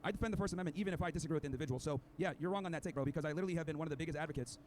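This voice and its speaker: A man's voice: fairly high pitch, rapid-fire, darkish tone, slight background noise. A man hosting a podcast, arguing in a combative, lecturing way and hurling insults at an opponent. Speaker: podcast host. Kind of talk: heated debate clip.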